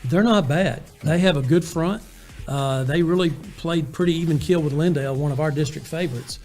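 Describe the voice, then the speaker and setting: A man's voice: on the high side, brisk, a little mellow, faint music behind. A man, a sports show interviewer asking a coach questions in a conversational way with fillers.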